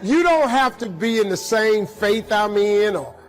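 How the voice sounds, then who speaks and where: A man's voice: sits high, animated, measured pace, faint music behind. A man from the United States giving plain, direct motivational advice about faith.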